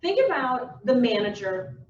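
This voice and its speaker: Lively woman presenting in an echoey room. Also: a little high, a little slow, far from the mic. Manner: animated, acts out little scenes in different voices. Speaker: workshop presenter and success coach. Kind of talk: lively business workshop talk. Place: meeting room with a live audience. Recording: echoey room recorded from afar, dull and a bit noisy.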